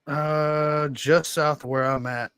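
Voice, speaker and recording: A man's voice: a little high, flat delivery, slow, a bit bright, smooth, no echo. Man, georgia accent, rambling storyteller, laughs a lot, dry close mic. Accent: Georgia Southern. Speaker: podcast co-host. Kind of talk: casual chat.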